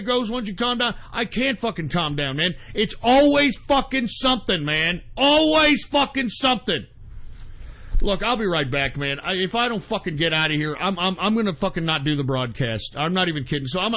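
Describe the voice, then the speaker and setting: A man's voice: high-pitched, dull audio. A man hosting an internet radio show, venting in an exasperated, profane rant with sudden outbursts. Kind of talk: angry solo on-air rant.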